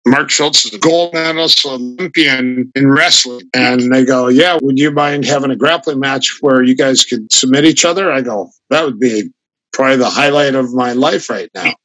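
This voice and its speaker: An older man with a gravelly voice, a grappling coach telling rambling, animated stories in an interview. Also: medium pitch, normal speed, no room sound, rough recording. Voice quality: gravelly voice from a flattened throat. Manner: rambling, animated anecdotes with restarts. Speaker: guest, grappling fighter and coach. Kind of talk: casual storytelling in an interview.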